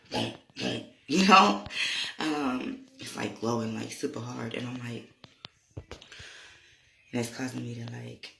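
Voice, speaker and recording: Man, gravelly voice, rambling storytelling, lots of "you know", echoey room. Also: medium pitch, background noise. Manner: laughs often while telling. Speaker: holistic healer vlogger. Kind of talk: personal storytelling.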